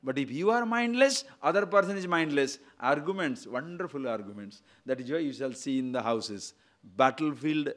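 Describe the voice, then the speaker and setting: An older man, giving a spiritual discourse full of rhetorical questions and repeated words, his pitch and loudness rising and falling widely. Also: expressive, normal speed. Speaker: spiritual teacher.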